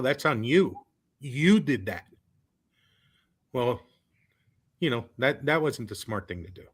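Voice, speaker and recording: A man in his thirties guests on a sports podcast and recounts his playing days. His voice is bright and forceful, and his delivery is loose and animated. He leans on fillers and breaks into laughter. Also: mid-range voice. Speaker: former college baseball player, guest. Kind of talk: casual storytelling on a podcast.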